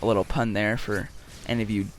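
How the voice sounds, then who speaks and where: A man's voice: lowish voice, flat delivery, fast. A man giving casual, rambling gameplay commentary, joking and going off on tangents with lots of filler words. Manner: rambling and jokey, many ums and tangents. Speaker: gaming commentator.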